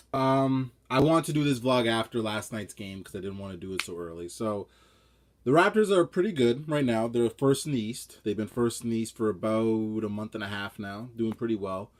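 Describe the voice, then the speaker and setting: A man hosting his own vlog, talking casually in a rambling, chatty way that often trails off quietly. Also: fairly low pitch. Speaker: vlog host.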